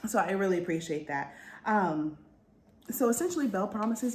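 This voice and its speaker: A woman's voice: mid-range voice, expressive, normal speed, a little mellow. A woman talking casually to her viewers about a book, chatty and full of asides. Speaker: book vlogger. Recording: roomy with faint background noise.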